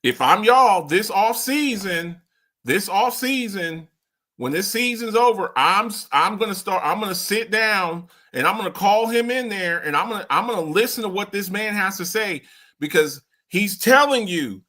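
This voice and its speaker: A man hosting a sports podcast, talking in an animated, rambling way, repeating himself and swearing casually. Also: high-pitched, normal speed. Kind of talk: casual sports talk commentary.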